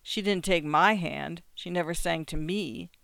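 A storyteller voicing a bitter, accusing wife in a short story, with a sharp delivery. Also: mid-range voice, a little slow, gravelly, dry recording. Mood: cold.

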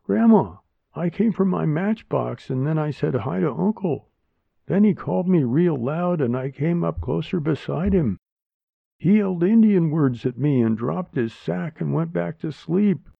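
A man voicing a frightened little girl who cries and wonders, in a high, wavering voice, as he reads a story aloud. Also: wildly swooping pitch, unhurried, breathy edge, no echo, heavily acted. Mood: upset. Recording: dry, tinny phone-like sound.

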